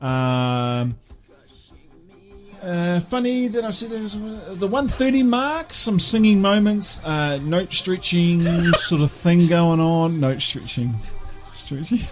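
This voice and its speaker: A man's voice: high-pitched, lively intonation, takes it slowly. A man with a New Zealand accent, co-hosting a casual album-review podcast in a laid-back way, often laughing and reading from his notes. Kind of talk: casual chat.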